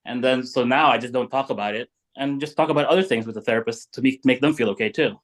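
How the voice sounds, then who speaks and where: A man's voice: mid-range voice, fast talker. A man on a men's talk show panel, speaking earnestly in a casual discussion, stumbling and repeating words as he goes.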